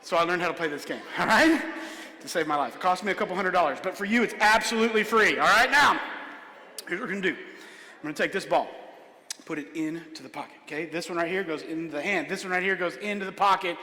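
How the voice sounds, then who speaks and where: A man's voice: high-pitched, fast talker, sharp tone. A man performing a comedic magic show in a church hall, playfully joking with and coaxing a child volunteer. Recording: echoey hall.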